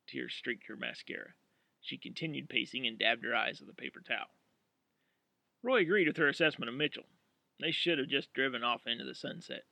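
A man narrating an audiobook in an expressive, dramatic way. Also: a little high, no room sound.

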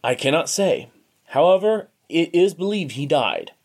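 A measured, evasive tutor from a storybook, as a man puts him on. His replies come carefully, with a slightly high, lively pitch. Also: breathy edge, full character voice.

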